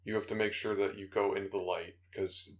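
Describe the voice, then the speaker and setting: Young male co-host, lowish voice, relaxed and profane game talk. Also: a little fast. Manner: laid-back, swears, mimics lines. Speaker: podcast co-host. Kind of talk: casual chat.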